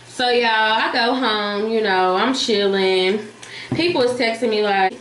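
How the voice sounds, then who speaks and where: A woman vlogger telling a story in casual, animated chat, blunt and profane, talking straight to her viewers. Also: mid-range voice, unhurried. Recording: echoey room with faint hiss.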